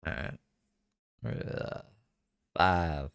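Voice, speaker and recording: Deep, gravelly, tired-sounding streamer. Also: male voice, normal speed, no room sound, clean studio sound. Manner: laid-back, swearing, wry. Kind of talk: casual stream commentary.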